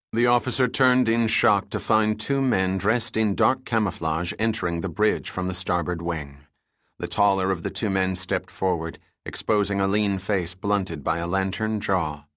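A man reading an adventure novel aloud as its narrator, steady and even. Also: low-pitched, no echo, studio quality. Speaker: audiobook narrator. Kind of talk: scripted narration.

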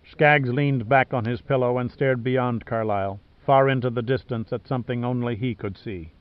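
A man narrating an audiobook in a measured, even storytelling manner. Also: mid-range voice, clear, resonant tone, dry recording. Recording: dull, dry studio recording.

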